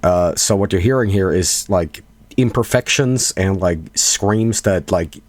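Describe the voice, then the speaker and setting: A man's voice: deep voice, unhurried, no room sound. A man, a band's vocalist, chatting in a casual Q&A, rambling earnestly with lots of restarts. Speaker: band vocalist. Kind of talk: casual Q&A chat.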